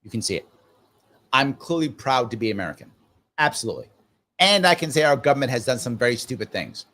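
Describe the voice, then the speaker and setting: A middle-aged man hosting a live political discussion, talking emphatically and hammering his points home through repetition. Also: fairly high pitch. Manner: emphatic and animated, repeats points. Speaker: host.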